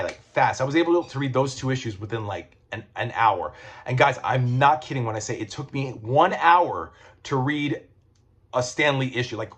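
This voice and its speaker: A man's voice: mid-range voice, a bit bright. A man reviewing comic books in a casual video, rambling with lots of fillers, restarts and swearing.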